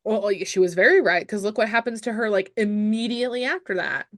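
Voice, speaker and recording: A woman's voice: mid-range voice, a little fast. A young woman co-hosting a podcast, talking bluntly and with profanity, animatedly quoting characters. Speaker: podcast co-host. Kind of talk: casual chat about a movie.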